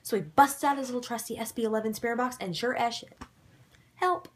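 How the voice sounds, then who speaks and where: Excitable husky-voiced woman vlogger. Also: fairly high pitch, fast. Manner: animated and excitable, with sudden dramatic whispers. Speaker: vlogger recapping a ghost-hunting show. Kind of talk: casual episode recap.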